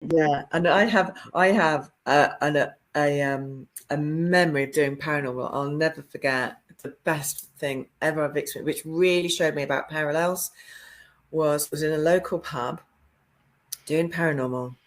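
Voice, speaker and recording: A woman, a psychic medium, chatting casually and animatedly, often laughing and jumping up into a high voice to act out quotes. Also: normal speed. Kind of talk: casual storytelling chat.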